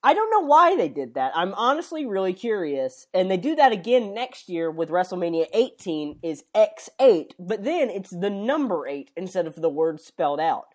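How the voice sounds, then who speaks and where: A man's voice: high voice, big pitch swings, moderate pace, hardly any pauses. A man hosting a casual podcast chat, joking and swearing now and then. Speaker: podcast host.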